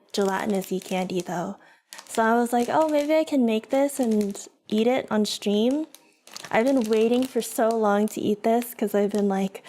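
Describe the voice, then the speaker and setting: A young woman with a slightly high voice chats with her stream at a slow, easy pace. She giggles often and talks to her viewers and her dogs in a casual, rambling way. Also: dark tone. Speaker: vtuber streamer. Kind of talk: casual livestream chat.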